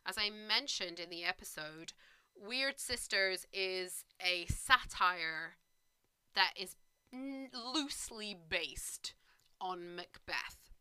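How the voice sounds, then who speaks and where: A woman teaching English to learners, reading a play and a novel aloud and explaining the words clearly and patiently. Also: medium pitch, bright, forceful tone, no room sound. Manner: clear and patient, with light laughs.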